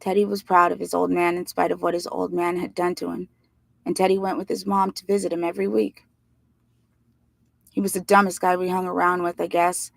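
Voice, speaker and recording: A woman reading a novel aloud in plain, steady first-person narration. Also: lowish voice, brisk, gravelly, dry recording. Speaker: reader.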